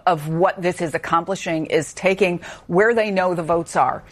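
A woman's voice: lowish voice, moderate pace. A woman political commentator speaking earnestly and emphatically, often restarting her sentences. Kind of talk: panel discussion.

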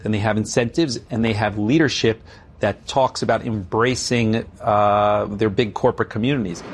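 A man's voice: lowish voice, fairly even intonation, normal speed, slight background noise. A man interviewed on business and city economics, talking emphatically and repeating words for stress. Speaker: business leader interview guest. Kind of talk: conversational interview.

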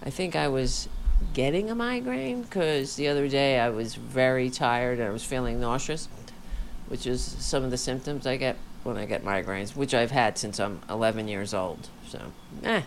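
Tired, chatty woman with a low voice. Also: normal speed, a little hiss or hum. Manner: rambling, chatty, candid. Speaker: podcast host. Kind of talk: casual livestream chat. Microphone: home studio microphone.

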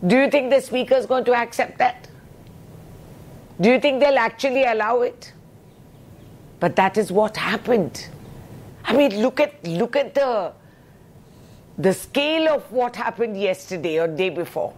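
A woman's voice: on the high side, expressive, measured pace, long pauses. A woman member of parliament, speaking with indignation and rhetorical questions in a heated news interview.

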